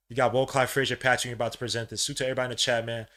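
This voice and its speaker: Bright-voiced excitable New host, sports watch-along, slangy, mutters then cheers. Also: male voice, racing, few pauses. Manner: excitable, swings from low mutters to loud cheering; casual slang, calls listeners bro and son. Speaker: podcast host.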